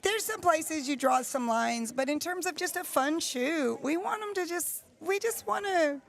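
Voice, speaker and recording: High-pitched Northern woman, event organizer, friendly and rambling. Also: lively intonation, measured pace, creaky. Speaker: tournament organizer. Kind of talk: casual livestream commentary.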